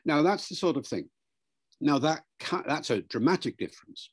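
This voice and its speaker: Husky older man explaining patiently. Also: a little high, animated. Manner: measured, lecturing, spells out words and demonstrates pronunciations. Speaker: linguist being interviewed. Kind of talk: explanatory interview answer.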